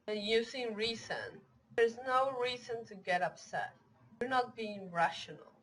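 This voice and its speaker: A woman's voice: fairly high pitch, lively intonation, a little slow, a bit bright, slight background noise, rough recording. A young adult woman giving an earnest talk on emotional health, running through long lists of example phrases. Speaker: online wellness teacher. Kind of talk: talking-head educational talk.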